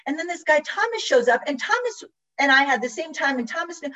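A woman telling a personal recovery story, animated and acting out quoted dialogue with frequent repetition. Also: sits high, brisk. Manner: animated, acts out quoted dialogue, repeats phrases. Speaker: speaker sharing recovery story. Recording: dull distant recording.

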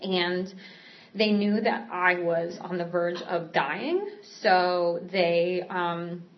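Earnest woman with halting, filler-heavy speech. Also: lowish voice. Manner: halting, frequent fillers and restarts; earnest, candid. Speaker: speaker sharing a recovery story. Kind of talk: personal recovery testimony. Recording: slightly dull, muffled recording.

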